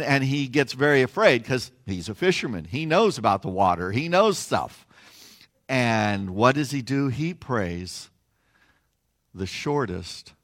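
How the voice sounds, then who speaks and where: A man's voice: mid-range voice, fairly bright tone. A man preaching a sermon from a stage platform, telling a story with playful asides. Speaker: pastor.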